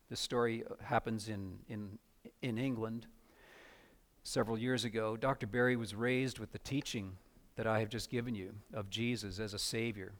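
Male pastor, earnest sermon delivery, swells to emphatic passages. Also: lowish voice.

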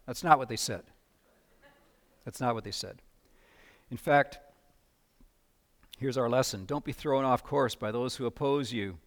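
A male pastor gives a conversational sermon with dramatic readings, frequently stumbling over repeated words. His mid-range voice is unhurried, with long pauses.

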